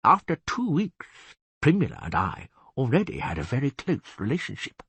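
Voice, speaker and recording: A man reading the part of a genial, boastful cursed beast-man with a husky voice, chatting wryly in an audiobook. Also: medium pitch, huge pitch swings, moderate pace, a bit bright, no room sound, voice pushed up, heavily acted. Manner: chatty, confiding, wry.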